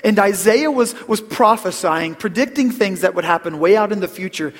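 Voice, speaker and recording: A middle-aged man preaching a Christmas sermon as pastor, earnest, repeating words and dropping to a hush on key phrases. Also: high-pitched, expressive, moderate pace. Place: church sanctuary. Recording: long hall reverb.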